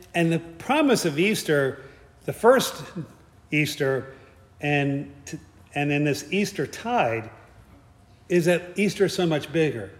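A man giving a conversational sermon, with joking asides and frequent restarts. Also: fairly high pitch. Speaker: preacher. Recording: echoey hall.

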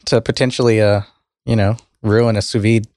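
Throat-clearing low-voiced man losing his voice. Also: level tone, moderate pace, a little mellow, no room sound, clean studio sound. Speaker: podcast co-host. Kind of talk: casual tech podcast chat.

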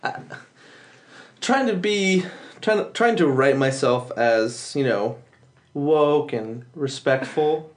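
A young man hosting a podcast in casual chat, talking haltingly with many restarts and self-corrections. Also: on the high side, animated, roomy sound. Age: young adult. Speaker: podcast host.

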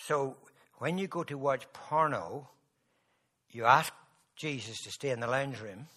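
A man preaching a sermon, moving from quiet storytelling to loud, emphatic exhortation. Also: mid-range voice, a little slow.

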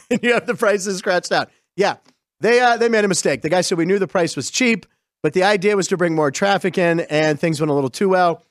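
A middle-aged man from western Pennsylvania hosting a sports show, telling stories over game clips in a chatty, digressive, excited way. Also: high voice, fairly quick, dry recording, studio quality.

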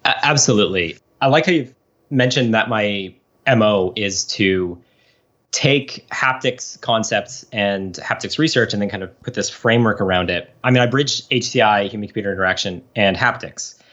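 A man in his thirties, a professor, explains his research in relaxed, rambling sentences full of fillers. His voice sits on the low side. The recording sounds dull and lo-fi. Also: normal speed. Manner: chatty, explanatory, with frequent fillers. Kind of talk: casual podcast interview.

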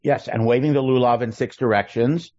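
A man teaching a class on a text, explaining lively and checking in with his listeners as he goes. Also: mid-range voice, a little fast, dry recording, lo-fi sound. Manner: animated, questioning, checks in with "okay?" and "right?". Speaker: teacher leading a study class.

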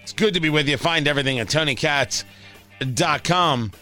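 A man's voice: on the high side, moderate pace, sharp tone, faint music behind. Blunt, opinionated talk radio host man. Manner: blunt, opinionated, sarcastic asides. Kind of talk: political talk radio monologue. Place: radio studio.

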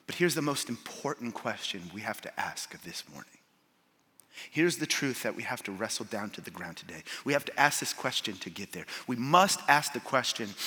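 A man preaching a sermon in a church, emphatic and swinging from loud to hushed. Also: mid-range voice, big-room sound. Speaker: pastor.

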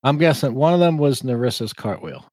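Man, podcast co-host, lively pitch, playful, chimes in, dry sound. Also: fairly quick, no echo. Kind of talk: casual podcast chat.

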